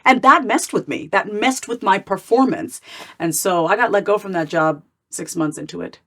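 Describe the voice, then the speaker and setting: Woman in her 30s, podcast guest, talks frank and lively, jumps into quoted voices. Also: medium pitch, brisk. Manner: animated, acts out her own past thoughts in quotes. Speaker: guest, therapist and coach. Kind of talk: candid personal story in a podcast interview.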